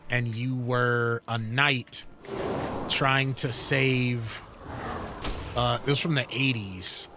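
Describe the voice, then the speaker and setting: Rambling male streamer over game music. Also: medium pitch. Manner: rambling, filler-heavy, easily sidetracked. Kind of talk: casual gaming chat.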